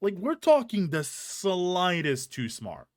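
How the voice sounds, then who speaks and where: Young man, casual streamer rant, swears a lot, slow and lively, slightly high, dry close sound. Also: dry recording. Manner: animated, profane, rambling with restarts. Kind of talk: casual ranting chat. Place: hot indoor room with a fan on.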